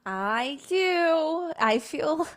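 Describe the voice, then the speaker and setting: A woman's voice: high voice, expressive, very slow, fairly bright tone. A woman playing in a tabletop game, talking expressively and laughing easily. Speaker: player.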